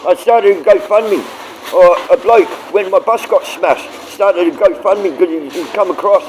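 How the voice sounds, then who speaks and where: A man's voice: high voice, steady tone, normal speed, darkish tone, slight background noise, poor audio. A man with an Australian accent streaming live, rambling bluntly and swearing often as he talks to his chat.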